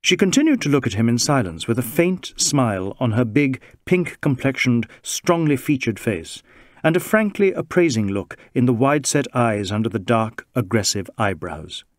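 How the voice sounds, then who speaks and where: A man reading a novel aloud as narrator, in a measured, expressive manner. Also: medium pitch, no echo. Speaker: audiobook narrator. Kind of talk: scripted narration.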